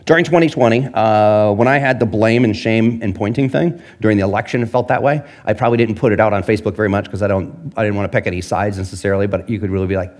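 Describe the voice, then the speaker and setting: A male pastor giving a casual, conversational sermon, animated and jokey, often asking his audience questions. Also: on the low side, fast talker, few pauses.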